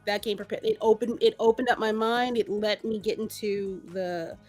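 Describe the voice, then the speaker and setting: A woman co-hosting a casual podcast, talking in an animated way with laughs and many restarts. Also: medium pitch, normal speed, soft background music. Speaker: podcast co-host. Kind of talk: casual chat.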